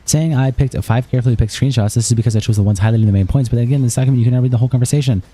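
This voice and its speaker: A man with a medium-pitched, husky voice reads a written statement aloud on a live stream. His delivery is rapid and flat, and he stumbles and restarts now and then.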